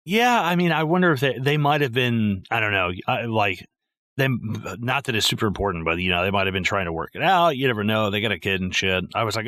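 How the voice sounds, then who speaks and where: Male podcast co-host, lowish bright voice, dry close mic, profane and lively. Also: fairly quick, no echo. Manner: profane, animated, acts out film quotes. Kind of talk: casual movie discussion.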